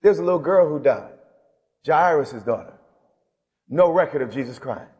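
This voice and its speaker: Male pastor, impassioned sermon, dramatic pauses, long hall reverb. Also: a little high, animated, darkish tone. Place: church sanctuary.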